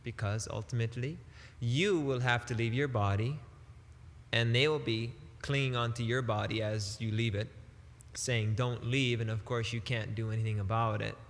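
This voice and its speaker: A man giving a devotional sermon as a spiritual teacher, emphatic and deliberate, with casual turns of phrase. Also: medium pitch, fairly even intonation, in a large hall.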